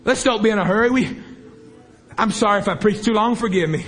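A man with a high-sitting voice preaches a fervent revival sermon at a church service, speaking fast. He's impassioned and repetitive, calling out to the congregation.

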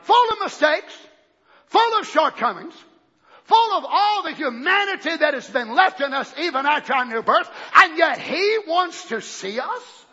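High, bright, fervent shouting preacher. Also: male voice, lively intonation, unhurried. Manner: shouting, fervent, exclamations of praise. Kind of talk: sermon. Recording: dull lo-fi recording.

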